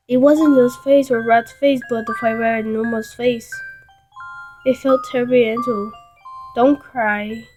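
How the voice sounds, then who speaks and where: A woman with a somewhat high voice reads a dark story aloud in first person. Her delivery is dramatic but halting, and she often trips over a word and starts it again. Soft music plays quietly behind her. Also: low-quality recording. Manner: halting, stumbles and restarts words. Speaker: story reader.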